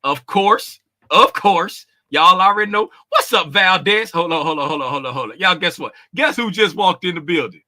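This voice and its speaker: A man hosting a casual trading livestream, greeting viewers in the chat by name, talking loud and animated with slangy, conversational phrasing and frequent laughs. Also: sits high, normal speed, few pauses.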